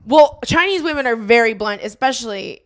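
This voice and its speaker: Brief: woman co-host, chatty storyteller, slightly high voice. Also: animated, a little fast. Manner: chatty, laughs easily, trailing restarts. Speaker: podcast co-host. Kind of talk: casual chat, storytelling.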